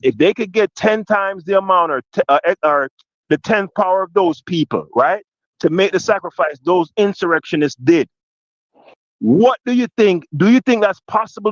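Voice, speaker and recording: A man with a Jamaican accent, co-hosting a podcast, asking long winding questions full of restarts and "right?", growing louder and more forceful as he gets passionate. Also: sits high, no echo, muffled recording. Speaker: podcast co-host. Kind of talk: heated political discussion.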